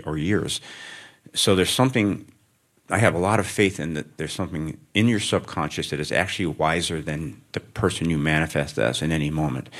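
A man's voice: deep voice, fairly bright tone. A middle-aged male author talking in a rambling, thoughtful, self-deprecating way during an onstage interview before students. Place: in front of a student audience.

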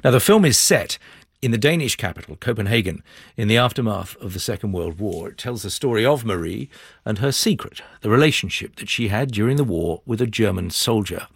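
Gravelly, husky male interviewer. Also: on the low side, animated, no room sound. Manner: conversational, halting restarts when asking questions. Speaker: radio interviewer. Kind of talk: broadcast interview.

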